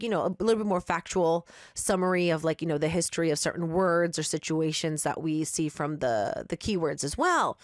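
A woman's voice: on the low side, no room sound, studio quality. A woman radio host talking casually in an upbeat, chatty way and reading a listener's story aloud.

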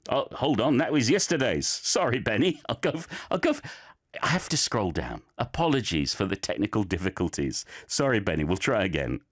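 A man's voice: lowish voice, big pitch swings, brisk. A man teaching, giving chatty, encouraging feedback on learners' recorded clips with plenty of fillers.

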